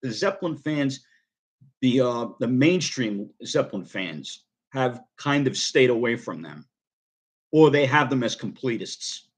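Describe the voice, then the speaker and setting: A man's voice: mid-range voice, lively intonation, unhurried, slightly rough. A middle-aged man from the United States chatting casually about a record album, rambling with frequent ums and restarts. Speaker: record collector vlogger.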